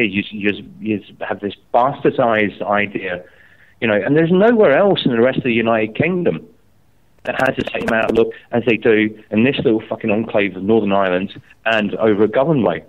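A man from Scotland, angrily telling a story and swearing heavily while he chats. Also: lowish voice. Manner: angry, swearing, animated storytelling. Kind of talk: heated casual chat. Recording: tinny phone line.

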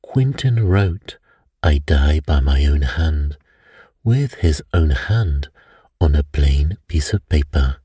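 A man's voice: extremely low pitch, expressive, slow pace, mellow, breathy edge, dry recording, clean studio sound, full character voice. Man reading an impatient, blunt investigator. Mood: exasperated. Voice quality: exasperated and blunt. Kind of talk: audiobook character reading.

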